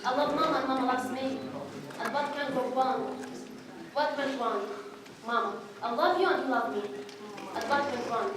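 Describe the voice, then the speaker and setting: A woman's voice: sits high, moderate pace, pauses often, lightly acted. A woman playing a bitter, hurt daughter. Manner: searching, repeating lines, earnest. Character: hurt, bitter daughter reflecting on her mother. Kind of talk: stage monologue. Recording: echoey hall, mic far off, noisy.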